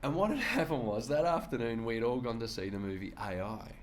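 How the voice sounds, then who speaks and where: A comedian, telling lively anecdotes in a casual interview, often laughing and acting out voices. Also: male voice, medium pitch, a little fast. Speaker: comedian guest. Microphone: shared handheld microphone.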